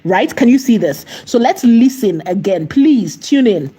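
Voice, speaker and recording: Tutorial host, woman, husky mellow voice, keeps checking in with "okay?", asks herself rhetorical questions. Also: fairly high pitch, animated, measured pace. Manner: repetitive, checks in with "okay?" and "right?". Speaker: AI video tutorial creator. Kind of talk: screen-recorded tutorial walkthrough.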